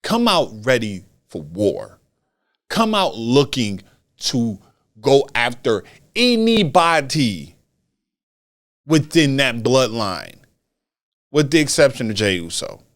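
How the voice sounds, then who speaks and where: A man hosting a solo wrestling commentary podcast, talking in an animated way and repeating phrases for emphasis. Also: medium pitch, slow pace, pauses often. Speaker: podcast host.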